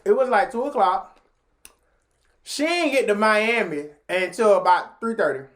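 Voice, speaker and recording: Chatty animated woman telling a story. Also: a little slow. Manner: animated, jumps into high pitch when acting out what people said; slangy and chatty, talks straight to viewers. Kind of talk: casual storytime monologue.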